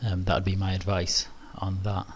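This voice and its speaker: A man's voice: low voice, completely flat delivery, normal speed. Hesitant British man presenting a webinar. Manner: hesitant, many ums and restarts; modest, self-deprecating. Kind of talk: live webinar Q&A.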